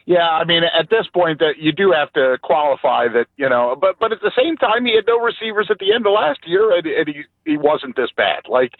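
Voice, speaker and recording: A man's voice: a little high, animated, fairly quick, few pauses, no echo. A man calling in as a regular guest on a sports radio show, talking bluntly and emphatically in rambling runs. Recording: phone-line call-in.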